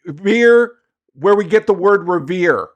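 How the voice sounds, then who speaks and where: Animated man, lively swinging pitch. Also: highs cut off. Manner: animated, jokey, quick to laugh. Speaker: podcast co-host. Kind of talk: casual chat.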